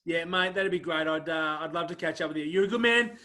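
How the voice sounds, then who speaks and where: A man's voice: fairly high pitch, fast. A man hosting an interview show, talking casually and heaping praise on his guest with lots of fillers. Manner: effusive, warm praise, many fillers.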